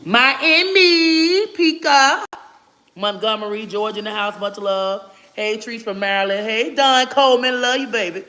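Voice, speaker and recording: Running a casual livestream on his phone, a man reels off where his viewers are from, with loose, friendly asides and words like "baby". As host giving shout-outs, he speaks in a high, sharp voice with fairly even intonation at normal speed.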